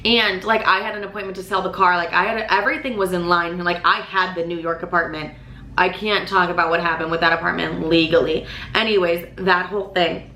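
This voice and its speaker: A young woman telling a story on her vlog in a casual, animated way, swearing often and filling her talk with "like". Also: fairly low pitch, a little fast. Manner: animated, swears a lot, many "like" fillers. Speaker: vlogger. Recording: roomy echo, faint background noise.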